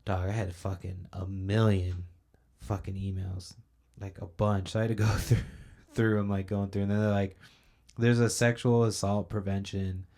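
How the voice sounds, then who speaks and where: A man's voice: lowish voice, flat delivery, moderate pace, warm tone. A young man hosting a podcast, ranting in a casual, profane, rambling monologue and sounding a little sleepy. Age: young adult. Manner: profane, ranting, loose storytelling. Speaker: podcast host.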